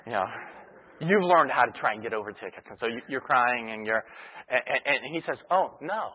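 Husky preacher on a tinny line. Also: male voice, mid-range voice, fairly quick. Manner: conversational teaching with illustrations. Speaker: pastor. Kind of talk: sermon. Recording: tinny phone-like radio broadcast.

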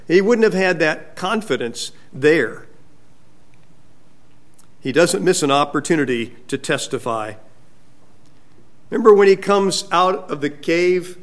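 A male pastor preaching a sermon, asking his congregation rhetorical questions. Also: fairly high pitch.

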